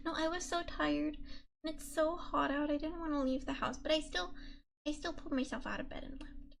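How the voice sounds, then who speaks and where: Young female streamer, high bright voice, soft casual ASMR chatter into a binaural mic, giggles often. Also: normal speed, vocal fry, long pauses. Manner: soft-spoken, giggly, gushes excitedly at chat. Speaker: VTuber streamer. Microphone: binaural dummy-head mic.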